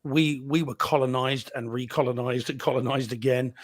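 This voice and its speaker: A man's voice: medium pitch, fairly even intonation, normal speed, dry recording, studio quality. A man from New Zealand co-hosting a casual live-stream chat, chatty and laughing between points. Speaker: podcast co-host.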